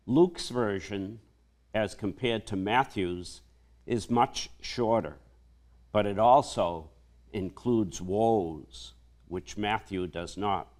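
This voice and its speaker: A male priest delivering a homily in a slow, measured preaching manner. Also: fairly low pitch.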